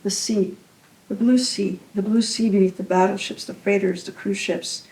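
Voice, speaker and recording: A woman poet giving a poetry reading at a university venue, measured and intimate, often dropping to a hush. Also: mid-range voice, fairly even intonation, echoey room, far from the mic, low-quality recording.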